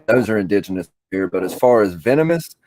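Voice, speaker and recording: A man's voice: on the low side, expressive, quick pace, a little mellow, rough recording. A stoned man from Alabama, rambling and swearing through a casual podcast chat. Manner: rambling, profane, laid-back storytelling. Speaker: podcast co-host.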